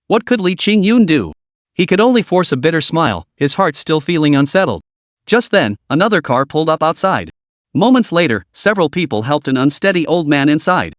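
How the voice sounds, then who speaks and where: Male recap narrator, steady scripted storytelling, lively intonation, fairly high pitch. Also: fairly quick, no room sound, clean studio sound.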